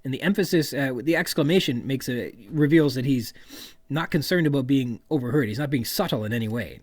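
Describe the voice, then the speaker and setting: Guy breaking down a novel on his podcast, reads quotes out, pitch jumps all over, dry room sound. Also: no echo. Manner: reads quoted passages aloud, then explains them; lively, expressive emphasis. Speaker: podcast host. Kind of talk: literary analysis monologue.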